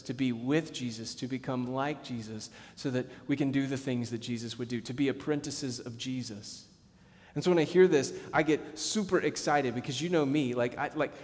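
A middle-aged male pastor preaching a sermon, passionate, swinging between emphatic bursts and hushed, slowed lines. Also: mid-range voice, big-room sound.

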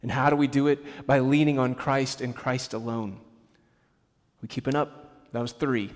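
A man's voice: mid-range voice, fairly even intonation, normal speed, big-room sound. A man preaching a sermon in a conversational way, with casual asides and rhetorical questions to the congregation.

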